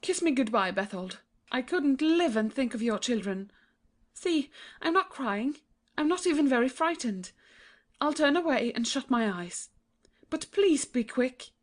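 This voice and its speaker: A woman's voice: sits high, expressive, unhurried. A woman voicing a young, trusting princess, earnest and pleading in a childlike way.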